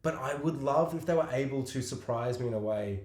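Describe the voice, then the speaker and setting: A man co-hosting a podcast in casual chat, rambling and halting, with casual swearing. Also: mid-range voice, a little mellow. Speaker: podcast co-host. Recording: roomy echo.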